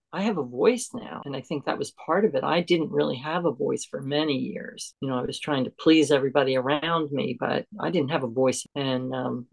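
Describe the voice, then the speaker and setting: A woman's voice: deep voice, vocal fry, darkish tone. A woman artist who is a guest on a podcast, speaking in a reflective, earnest way. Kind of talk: podcast interview conversation.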